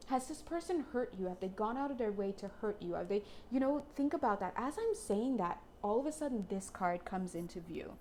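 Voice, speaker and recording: A woman doing a casual spiritual card reading for viewers, chatty and excitable, often slipping into playful little voices. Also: fairly high pitch, a little hiss or hum.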